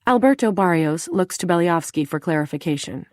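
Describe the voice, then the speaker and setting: A woman with a low voice reads a thriller audiobook in a steady, even way. The sound is dry and close, with no room around it. She keeps her narration plain between the character voices. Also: normal speed, dry recording.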